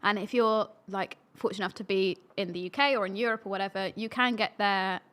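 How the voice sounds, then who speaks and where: A woman guesting on a casual live-stream chat. She talks chattily and laughs easily, her voice at an ordinary pitch for a woman. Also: fast, a bit bright, slight background noise. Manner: chatty, giggly.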